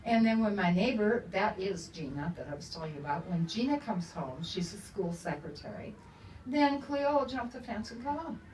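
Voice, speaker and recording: A woman's voice: mid-range voice, expressive, moderate pace, a little mellow, echoey room, slight background noise. Older female author, casual storyteller, laughs a lot; distant mic, faint room ambience. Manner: chatty, laughs often. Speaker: author at a book talk. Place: bookstore event room.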